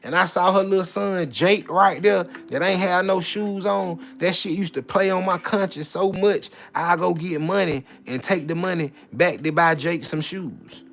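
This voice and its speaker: A man giving a casual, preachy monologue, swinging between loud preaching and muttered asides, with repeated filler tags. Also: high-pitched, normal speed, creaky, hardly any pauses. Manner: repeats filler tags like "you know what I'm saying". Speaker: vlogger.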